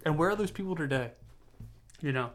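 A man's voice: fairly high pitch, animated, moderate pace. A young man hosting a solo podcast, rambling through loose tangents with lots of fillers and restarts, tired and self-mocking. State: tired, yawning. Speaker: podcast host.

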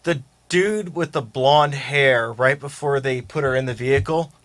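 A man's voice: medium pitch, measured pace, a bit bright, no echo. A man co-hosting a podcast, casually recounting movie scenes in easygoing chat. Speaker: podcast co-host.

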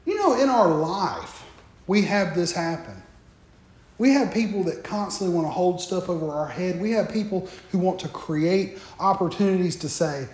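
A man's voice: high-pitched, lively intonation, normal speed, a little mellow, heavy reverb. A man preaching a sermon, talking straight to the congregation with joking asides.

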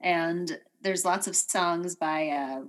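A woman's voice: on the low side, slow. A woman from the United States co-hosting a podcast, chatting casually and laughing often. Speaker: podcast co-host. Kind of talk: casual chat.

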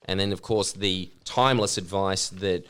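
A man's voice: sits low, normal speed, a bit bright, smooth. A man co-hosting a podcast, chatting casually with a joking, rambling manner. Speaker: podcast host.

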